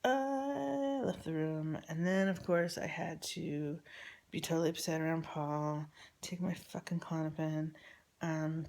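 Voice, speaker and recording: A woman telling a personal story about her family in a rambling, halting, confessional way, often dropping to a near whisper. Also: sits low, flat delivery, darkish tone.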